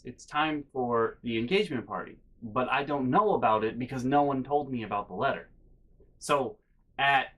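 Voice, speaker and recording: A man telling comic stories on his video channel, rambling deadpan with many fillers. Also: mid-range voice, moderate pace, low-quality recording. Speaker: YouTuber. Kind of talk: comedic storytime vlog.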